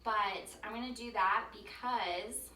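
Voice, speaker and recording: A woman's voice: medium pitch, slow, pushed and bright. Chatty woman cooking in an echoey kitchen. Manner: chatty, rambling, with many ums, baby talk to her dog. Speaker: home cook vlogger. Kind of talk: casual cooking vlog chat. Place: home kitchen. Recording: roomy kitchen, mic some distance off, faint background noise.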